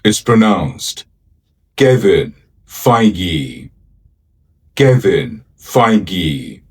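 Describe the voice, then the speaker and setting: A man giving a pronunciation tutorial, saying a name slowly and deliberately, repeating it syllable by syllable. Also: deep voice, lively intonation, slightly rough, recorded from a distance.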